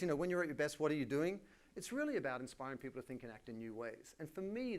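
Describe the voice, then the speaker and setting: A middle-aged Australian man giving a live conference keynote, energetic and colloquial, with self-deprecating asides. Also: mid-range voice. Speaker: keynote speaker.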